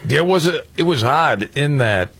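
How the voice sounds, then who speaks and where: A man co-hosting a talk radio show, telling sports stories in an animated, excitable way. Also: fairly high pitch, a little slow, creaky, slightly rough. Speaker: radio co-host. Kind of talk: casual talk radio banter.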